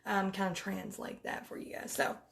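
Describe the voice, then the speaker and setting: A woman's voice: medium pitch, level tone, normal speed, gravelly, a bit bright. A woman, coaching her sales team in a casual live video, chatty and emphatic with direct commands.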